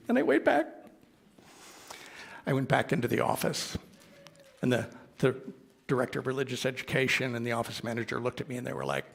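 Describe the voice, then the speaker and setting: A minister telling a gentle anecdote in a sermon, quoting the people he met along the way. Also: mid-range voice, animated, brisk, creaky, husky. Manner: gentle anecdotal storytelling with quoted dialogue. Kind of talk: storytelling sermon.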